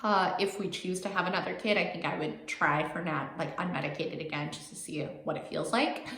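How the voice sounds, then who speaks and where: A woman's voice: fairly low pitch, fairly even intonation, a little fast, a bit bright. A young woman vlogger telling a personal story in a casual, chatty way, filling her speech with "like". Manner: chatty, heavy use of "like", emotional. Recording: echoey room.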